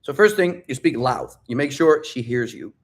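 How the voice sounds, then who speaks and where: A man coaching viewers on dating during a live-stream Q&A, loud, blunt and profane, repeating points with emphatic drill-like stress. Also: medium pitch, lively intonation, moderate pace.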